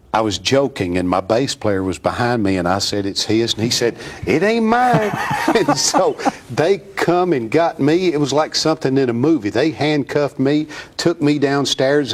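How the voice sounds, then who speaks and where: A middle-aged man with a drawl tells a story, folksy and easygoing. He laughs along with his own tale and puts on the voices of the people in it. His voice sits at an ordinary pitch. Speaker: guest singer. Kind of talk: casual storytelling.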